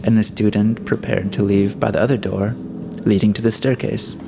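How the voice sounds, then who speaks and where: A man narrating a classic novel in steady, scripted storytelling. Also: lowish voice, moderate pace, creaky, music in the background. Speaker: audiobook narrator.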